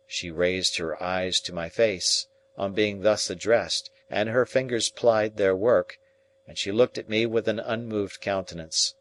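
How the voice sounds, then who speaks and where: A man reading a classic novel aloud as audiobook narrator, in a measured storytelling way. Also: on the low side, steady tone, fairly bright tone.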